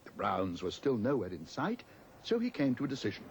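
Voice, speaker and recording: A man reading a children's storybook aloud as narrator, gentle and expressive. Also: medium pitch, brisk, slight background noise.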